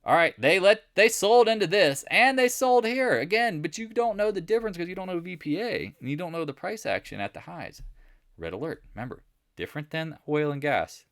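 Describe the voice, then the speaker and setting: A man's voice: high-pitched, lively intonation, brisk, fairly bright tone, no room sound, clean studio sound. A man giving a casual, jokey trading recap over charts, talking straight to his viewers and answering questions he imagines them asking. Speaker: market analyst host.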